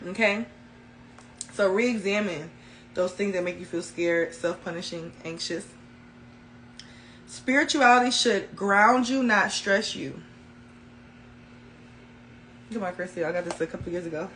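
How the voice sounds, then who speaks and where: A woman's voice: fairly low pitch, unhurried, long pauses, a bit bright, slight background noise, low-quality recording. A woman talking casually to her viewers about spirituality, emphatic and colloquial, repeating key phrases for effect. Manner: casual colloquial speech, addresses viewers as y'all. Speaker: spiritual reader.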